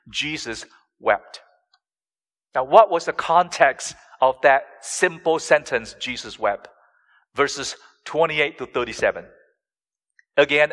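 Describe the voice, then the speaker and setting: Slow-preaching man in a reverberant church. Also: pushed and bright. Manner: slow, deliberate preaching with dramatic rises in pitch and volume. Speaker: pastor. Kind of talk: sermon.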